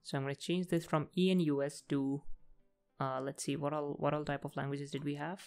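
Soft background music plays under a man's clear, resonant, slightly mellow voice, which is a little high with little pitch movement and a slightly fast pace. He hosts a casual coding walkthrough on screen, talking through each step as he types with many fillers.

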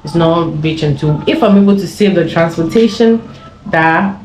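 A woman's voice: fairly low pitch, normal speed, darkish tone, slight background noise. Chatty young woman from Ghana. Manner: chatty, laughing, rambling with many fillers. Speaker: YouTuber. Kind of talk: casual story time. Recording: echoey room with faint ambience.

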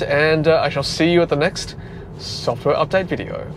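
A man's voice: a little high, moderate pace. A man, a car vlogger, chatting casually while he drives, with lots of fillers. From Australia. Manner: chatty, relaxed, frequent fillers. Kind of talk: casual talk while driving. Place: inside a moving car. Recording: road noise inside a car.

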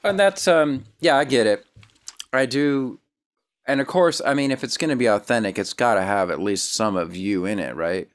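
A man's voice: mid-range voice, moderate pace. A man hosting an interview, conversational and affirming, asking open questions. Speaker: podcast host, interviewer. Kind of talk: casual interview.

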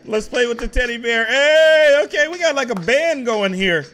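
A man playing a video game, commenting to viewers in a chatty, excitable way and talking back to the game. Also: very high-pitched, fairly quick. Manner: excitable, talks to the game, rises to loud outbursts. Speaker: gaming YouTuber. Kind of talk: let's play commentary. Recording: music from the game behind the voice.

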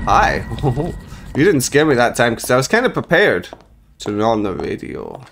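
Excitable young man narrating a horror game. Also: mid-range voice, unhurried, a little hiss or hum. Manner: excitable, jokey, swears when startled. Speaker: gaming video creator.

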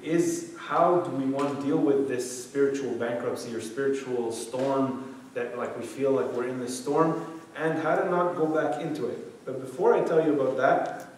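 A man in his thirties with a medium-pitched, slightly mellow voice gives a casual, joking talk to a youth group in a church meeting room. He tells stories chattily at a moderate pace with fairly even intonation, peppering them with "like" and "okay." Recorded on a distant mic, the room sounds echoey with a bit of hiss or hum.

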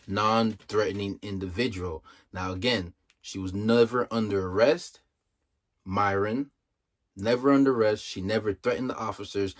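A young man giving casual, emphatic commentary, exasperated and full of rhetorical questions. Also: lowish voice.

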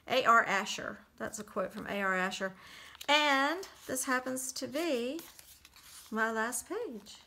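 Bright-voiced woman chatting through her journal. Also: fairly high pitch, slow, gravelly. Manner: chatty, relaxed, many fillers. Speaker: crafter showing a handmade journal. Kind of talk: casual flip-through narration.

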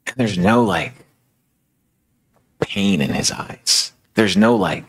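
A man's voice: sits low, expressive, slow pace, pauses often, husky. A male preacher retelling a story in a sermon, conversational and dramatic, with casual fillers.

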